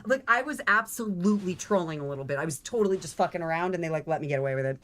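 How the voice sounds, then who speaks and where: A woman's voice: fairly low pitch, expressive, very fast, fairly bright tone. A young woman, a stage actress and streamer, chatting casually on stream in a giggly, self-deprecating way.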